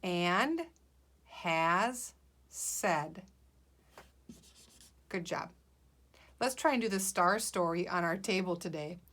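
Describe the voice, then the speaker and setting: Patient lady teacher doing a reading lesson for little kids, talks real slow, sounds out letters. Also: fairly low pitch, a bit bright. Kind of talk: guided reading lesson for young children.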